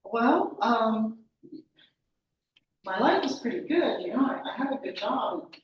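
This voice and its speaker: A woman's voice: on the high side, expressive, unhurried, highs cut off, a little hiss or hum, pitched above the performer's own voice. A woman voicing a tired, flustered young woman who hesitates and stumbles on the phone, heard from a distance in a very echoey room. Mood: hesitant. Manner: hesitant, many ums, unsure.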